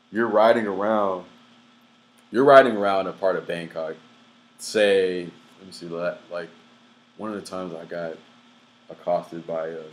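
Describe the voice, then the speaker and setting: Young male vlogger, very low voice, slangy and profane, faint room hiss. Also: poor audio. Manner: loose, profane, filler-heavy, with animated outbursts. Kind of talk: casual storytelling monologue.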